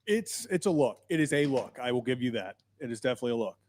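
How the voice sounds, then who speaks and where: A man co-hosting a casual talk show, speaking in a halting, self-deprecating way. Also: medium pitch, big pitch swings, darkish tone. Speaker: co-host. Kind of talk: casual chat.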